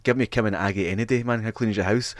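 A Scottish man in his thirties chats on a podcast at a brisk clip, low in pitch and full of swearing and laughter. The sound is close and dry, with no room around him. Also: fairly even intonation, no room sound. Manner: sweary, laughing, fast storytelling. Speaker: podcast co-host. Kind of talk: casual chat.

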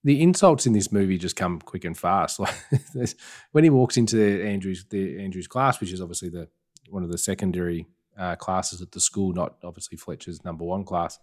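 A man's voice: low-pitched, fairly quick. A man co-hosting a casual film podcast, retelling scenes and acting out the characters' lines. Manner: animated retelling, acting out scenes in quoted voices. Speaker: podcast co-host.

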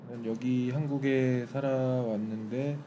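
A man co-hosting a casual podcast, speaking quick, soft-spoken Korean. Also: mid-range voice, fairly even intonation, noisy background. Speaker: podcast co-host. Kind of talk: casual chat.

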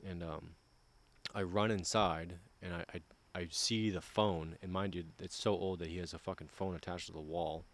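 A man's voice: low-pitched, fairly even intonation, normal speed. A man in casual podcast chat, telling a rambling, profane story.

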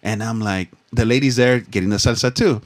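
A man's voice: medium pitch, fairly quick. Profane, slangy man from Southern California. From Los Angeles, USA. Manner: profane, slangy, rambling with restarts. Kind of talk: casual storytelling chat.

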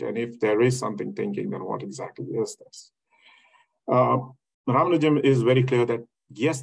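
A man's voice: on the low side, creaky, slightly rough, low-quality recording. A man speaking as an academic in a reflective lecture style, hesitant, with many fillers and restarts.

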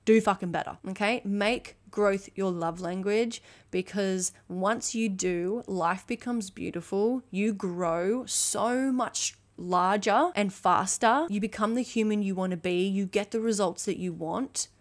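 A woman's voice: medium pitch, takes it slowly, few pauses. A woman hosting a motivational podcast alone, talking emphatically and bluntly with frequent swearing and acting out quoted conversations. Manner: acts out quoted dialogue. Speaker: podcast host.

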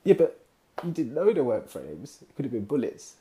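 A man hosting a casual chat, talking in a relaxed, reflective way and asking questions. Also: mid-range voice, fairly quick, slight background noise.

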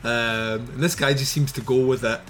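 A man's voice: mid-range voice, steady tone, normal speed, fairly bright tone, a little hiss or hum. A man co-hosting a podcast, chatting casually and animatedly about a film, laughing often and swearing freely. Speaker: podcast co-host reviewing a film. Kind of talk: casual chat.

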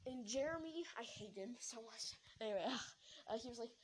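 Girl rambling through a storytime, highish voice, lots of likes and restarts. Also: animated, normal speed, slight background noise, poor audio. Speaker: storyteller vlogger. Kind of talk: casual storytime narration.

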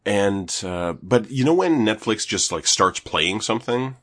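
A man's voice: fairly low pitch, measured pace. A man hosting a podcast in casual chat, telling stories with lots of swearing and acting out what people said. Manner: animated storyteller, swears often, acts out quotes loudly. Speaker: podcast host.

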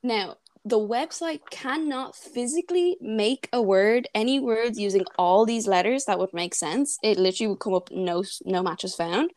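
A woman's voice: medium pitch, moderate pace, few pauses, a little mellow, no room sound. A young Irish woman co-hosting a podcast over a call, chatty and laughing, sometimes tripping over words. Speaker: podcast co-host. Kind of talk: casual chat. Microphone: remote call.

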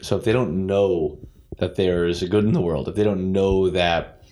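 Low-voiced man, blunt and candid. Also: fairly even intonation, moderate pace, warm tone. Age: late 20s. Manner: candid, swearing, lots of "like". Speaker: guest, CrossFit coach. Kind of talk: casual interview.

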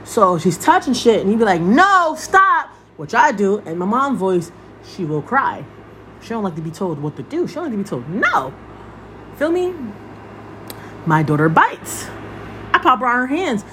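A young woman and podcast host telling a personal story in a blunt, profane, animated monologue. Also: medium pitch, moderate pace, pauses often, slight background noise. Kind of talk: casual monologue.

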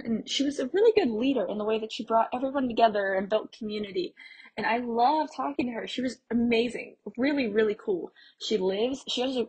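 Chatty young woman with a very breathy voice. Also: mid-range voice, poor audio. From Pennsylvania, US. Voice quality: very breathy, airy voice. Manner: chatty, lots of "like" and laughs. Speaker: travel vlogger. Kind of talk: casual travel storytelling.

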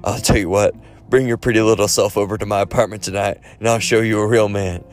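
A man's voice: fairly low pitch, steady tone, fast talker, lightly acted. A man putting on the voice of a cocky, menacing male boxer, delivering swaggering taunts. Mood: taunting.

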